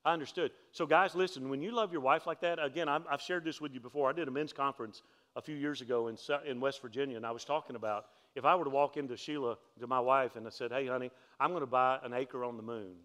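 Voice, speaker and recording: A male pastor preaching a sermon, telling stories in a conversational way with joking asides and climbing to louder, higher peaks for emphasis. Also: fast talker. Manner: animated storytelling, climbs in pitch and force for emphasis; conversational, humorous asides to the congregation.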